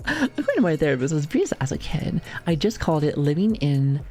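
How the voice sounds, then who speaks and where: A woman in her thirties chats on a livestream in a low, mellow, very animated voice, talking a little fast over faint music. She rambles with plenty of "like," swears, laughs, and acts out her family members' voices when quoting them.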